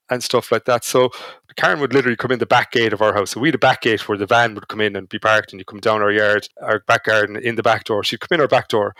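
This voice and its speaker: An Irish-accented man appears as a podcast guest, swapping anecdotes in casual storytelling chat and often making himself the butt of the joke. His mid-range voice is bright and forceful, recorded with no room sound.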